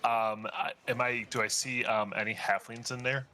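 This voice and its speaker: A man's voice: mid-range voice, flat delivery, moderate pace, sharp tone. A man playing a tabletop game, speaking hesitantly with many ums. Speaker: player. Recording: faint background noise.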